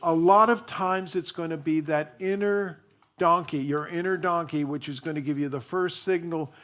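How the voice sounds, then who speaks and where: A minister giving a sermon in a chatty storytelling way, full of fillers and restarts. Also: male voice, fairly high pitch, fairly even intonation, normal speed, fairly bright tone.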